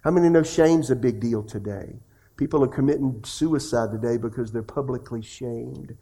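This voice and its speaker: A man's voice: mid-range voice, normal speed, breathy edge. Man preaching a sermon. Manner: swings between loud questions and hushed confessions; asks the congregation direct questions. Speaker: pastor.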